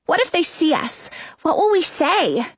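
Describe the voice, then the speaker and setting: A woman narrates a children's storybook in first person, expressive and fretful. Her voice sits high and moves widely, unhurried, in a dry close recording. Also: no echo. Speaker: audiobook narrator.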